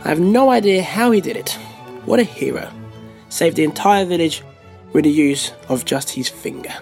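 A man's voice: a little high, lively intonation, moderate pace, creaky, a little mellow, faint music behind. A man hosting a children's story podcast, speaking in a theatrical storyteller manner. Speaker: podcast host. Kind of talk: scripted narration.

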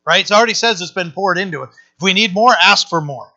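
A male pastor preaching a conversational sermon, often pausing with fillers and restarting his sentences. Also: high-pitched, lively intonation, pushed and bright, dull audio.

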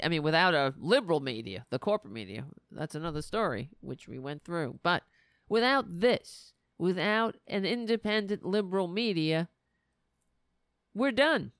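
A woman hosting a political talk show, tired and sleepy, sliding into sarcastic, animated rants. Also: fairly low pitch, no room sound, studio quality. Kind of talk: casual political commentary.

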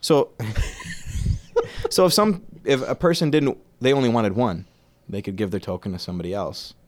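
A man's voice: medium pitch, normal speed. A man co-hosting a casual podcast chat, joking and laughing often, recorded on a close studio mic. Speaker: podcast co-host.

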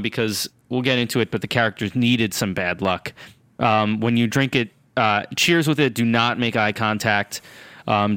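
A man co-hosting a podcast, explaining a cocktail recipe with dry, deadpan humor. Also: fairly low pitch, smooth, no echo. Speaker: podcast co-host and drink mixer. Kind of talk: casual podcast chat.

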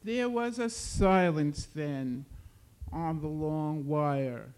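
A man giving a slow, dramatic literary reading of his own fiction. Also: on the high side, a little mellow, clean tone. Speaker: author reading his work.

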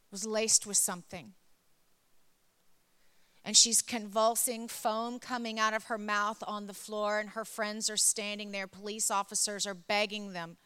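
Middle-aged woman preacher, bright clear voice, emotional testimony from the pulpit. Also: medium pitch. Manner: emotional storytelling, builds to impassioned emphasis. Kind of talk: sermon testimony.

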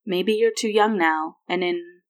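A woman voicing a tired, tender adult mother who speaks softly and gently. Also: on the low side, unhurried, natural voice. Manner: soft and gentle.

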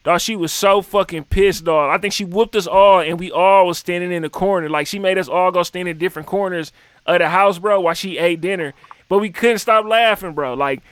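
Fast-talking high-voiced man telling stories. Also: smooth, no room sound. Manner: animated storyteller, profane slang. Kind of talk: casual podcast chat.

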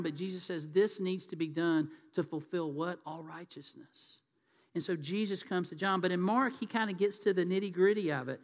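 A male pastor with a high voice delivers a sermon, talking through scripture in an easy, conversational way. He keeps putting questions to his listeners. A long reverb from the hall trails after his words. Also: moderate pace. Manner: conversational preaching with rhetorical questions to the congregation.

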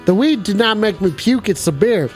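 A man with a notably high voice plays a rowdy, foul-mouthed cowboy host on a joke call-in show. He drawls, swears freely and breaks into whooping yells, with faint music somewhere in the background. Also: expressive, moderate pace. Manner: rowdy, profane cowboy persona; bursts into whooping shouts. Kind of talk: improvised comedy bit.

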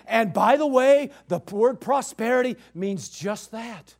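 A man's voice: very high-pitched, lively intonation, a little slow, hardly any pauses. A man preaching a sermon, emphatic, asking rhetorical questions and calling out amen. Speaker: pastor.

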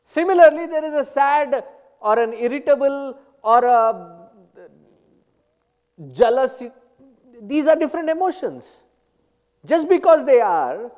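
High-voiced man teaching, slowly. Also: expressive, a little mellow, in a large hall. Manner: unhurried storytelling, explains terms one by one. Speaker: spiritual teacher. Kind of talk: spiritual discourse with anecdotes.

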